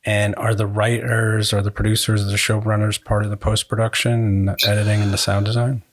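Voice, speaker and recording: A middle-aged man hosting a podcast interview, eager and quick with short replies. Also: lowish voice, flat delivery. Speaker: podcast host. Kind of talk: casual interview.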